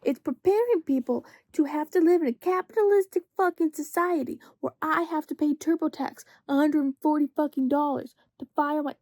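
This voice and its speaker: A woman's voice: high voice, a little fast, few pauses, a little mellow, no room sound. A young woman vlogger ranting late at night, exasperated, rambling and swearing constantly.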